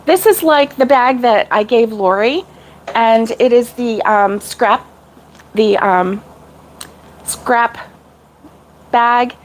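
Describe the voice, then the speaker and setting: A middle-aged woman who vlogs about crochet chats casually with live viewers, rambling and laughing often. Her higher-pitched voice moves slowly with long pauses, on a low-quality recording.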